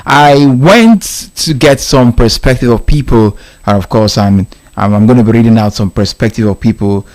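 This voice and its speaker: A man's voice: medium pitch, normal speed, a little mellow. A man hosting a casual radio live stream, reading listener answers aloud with frequent laughs and repeats. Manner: amused, laughing often, repeats lines. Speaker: radio host.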